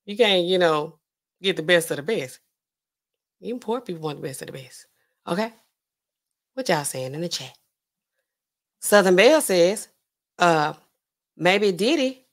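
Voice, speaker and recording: A woman pharmacist hosting a casual livestream, chatting loosely with features, reading out viewers' comments, laughing often and reacting with big swings in her voice. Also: fairly low pitch. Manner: chatty, animated, laughs often, talks back to chat.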